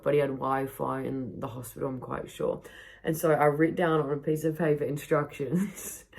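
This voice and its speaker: A woman with a notably low voice hosts her own podcast and tells a chaotic travel story in a loose, casual way. She is animated, laughs often and swears freely, and she records from a home backyard. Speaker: podcast host.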